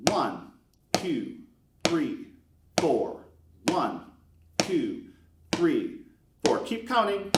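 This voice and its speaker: A man's voice: high-pitched, heavy background noise. A man teaching beginners a brass lesson step by step, counting beats aloud and encouraging them. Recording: echoey room, mic at a distance.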